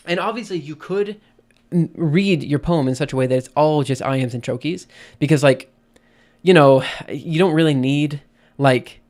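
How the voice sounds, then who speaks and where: Man thinking aloud on a livestream. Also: medium pitch. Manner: thinking aloud, many ums and restarts. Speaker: streamer. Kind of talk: casual livestream explanation.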